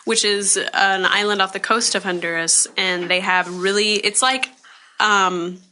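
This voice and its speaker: Bright-voiced woman chatting casually. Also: medium pitch, slight background noise. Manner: quick, rambling storytelling with laughs. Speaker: voice actress, podcast guest. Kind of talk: casual chat.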